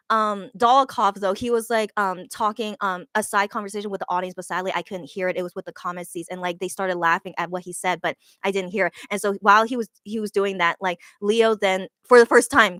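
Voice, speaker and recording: A woman's voice: medium pitch, a little fast, pushed and bright, no echo, clean studio sound. A woman casually recapping a live show she saw, gushing and rambling with lots of fillers and restarts.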